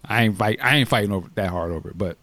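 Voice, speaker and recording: A man hosting a podcast, retelling a news story in casual chat and acting out quoted shouting. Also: fairly low pitch, very fast, no echo. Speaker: podcast host.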